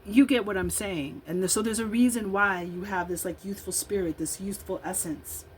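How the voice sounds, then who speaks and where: Reading tarot casually, a woman from Illinois in her fifties announces each card and chats off-topic in between. She talks at a normal pace with a medium pitch; the low-quality recording has some hiss or hum.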